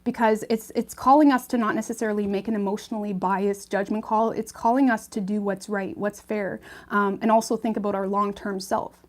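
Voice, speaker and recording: Speaking briskly with few pauses, a woman does a relaxed tarot reading for her viewers, reassuring them and chatting freely with many ums, okays, and checks like "right?" and "okay?". Her mid-range voice has fairly even intonation, and there's slight background noise.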